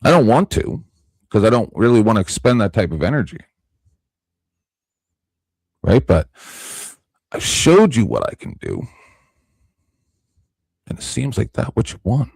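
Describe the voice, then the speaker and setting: A man arguing heatedly on a stream, repeating himself and swinging between loud outbursts and low, quiet talk. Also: big pitch swings, measured pace, creaky, long pauses, husky, dry recording. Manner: repetitive, confrontational, swings from shouting to low and quiet. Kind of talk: heated argument on a live stream.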